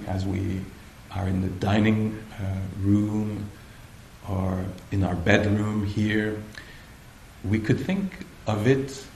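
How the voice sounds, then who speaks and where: Slow, searching male meditation teacher. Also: on the low side, darkish tone, slight background noise. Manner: slow, hesitant, searching for words. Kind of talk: retreat dharma talk. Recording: echoey room, faint ambience.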